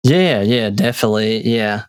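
A man co-hosting a casual talk, agreeing easily and then reading a long Bible passage aloud at a steady pace. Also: lowish voice, normal speed, clean tone, no room sound, studio quality. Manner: easygoing, reads aloud steadily. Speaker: podcast co-host. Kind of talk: casual chat and scripture reading.

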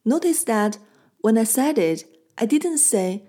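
A woman language teacher giving a scripted lesson, explaining clearly and patiently and slowing down for model phrases. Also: a little high, expressive, mellow.

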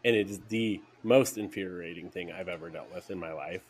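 A man co-hosting a casual podcast, with a somewhat low voice. He is blunt and swears heavily, slipping easily into exasperated rants. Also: brisk, slight background noise. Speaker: podcast co-host. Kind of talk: casual chat.

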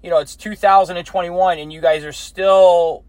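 A man's voice: high-pitched, steady tone, moderate pace, a little mellow, no echo. A man hosting a casual interview, enthusiastic and full of "you know.". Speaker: interviewer, host.

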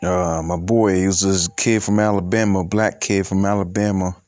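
A man of twenty-eight telling a personal story in a halting, reflective way, with many fillers and restarts. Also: sits low, steady tone, darkish tone, no echo, soft background music. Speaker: podcaster.

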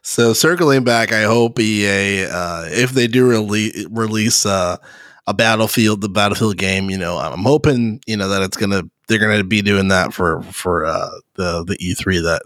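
An easygoing man co-hosting a gaming podcast who laughs along and fills his talk with "like" and "you know." His pitch is mid-range for a man. The recording is dry and close, with no echo. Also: moderate pace, fairly bright tone. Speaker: podcast co-host. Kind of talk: casual gaming chat.

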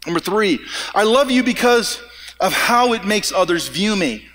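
Male pastor, high voice, energetic joking sermon, long hall reverb. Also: normal speed. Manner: energetic, joking, repeats words and restarts. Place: church hall.

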